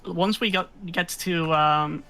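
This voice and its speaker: This person chats slowly and casually with a bright, tense edge to the voice. They trip over their words, restart sentences, and laugh at their own jokes. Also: mid-range voice, gravelly, clean tone, faint music behind. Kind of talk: casual chat.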